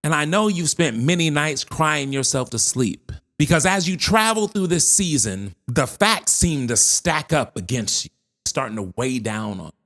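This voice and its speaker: A man giving a motivational speech with slow, emphatic delivery and dramatic pauses. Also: a little high, animated, a bit bright. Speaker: motivational speaker.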